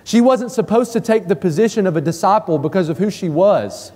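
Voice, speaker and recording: A male pastor preaching a sermon, his fairly high voice mellow rather than bright. He drives his points home by repeating key phrases, and each one trails off in the long reverb of a church hall. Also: animated, a little fast, breathy edge.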